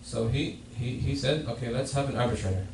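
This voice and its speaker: Speaking brisk and creaky, with a mid-range, darkish voice, a man explains a hadith in his Friday sermon, repeating and restarting phrases often. He's in a mosque prayer hall, and the far-off mic captures echo and faint noise.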